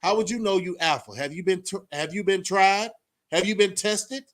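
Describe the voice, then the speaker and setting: A man's voice: high voice, normal speed, a bit bright. A man vlogging casually to the camera, preaching about life in a streetwise way and filling his talk with "man" and "you know what I'm saying". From Austin, Texas.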